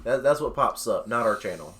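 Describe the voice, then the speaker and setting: A man's voice: fairly low pitch, expressive, fairly quick, pushed and bright. Laid-back man cohosting. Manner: laid-back, swears a lot, says dude and bro. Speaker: podcast co-host. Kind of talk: casual podcast banter.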